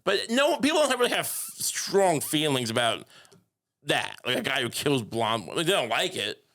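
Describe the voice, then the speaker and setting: Bright-voiced deadpan male podcast host. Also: mid-range voice, normal speed. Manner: deadpan absurd rambling with frequent restarts. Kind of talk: casual comedic podcast banter.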